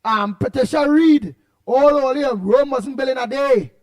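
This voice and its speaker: A man's voice: very high-pitched, measured pace. A Trinidadian man hosting a radio talk show, chatting loosely and animatedly as he reads out listener comments. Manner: animated, repetitive, laughs often, loud outbursts. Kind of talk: casual radio chat reading listener comments.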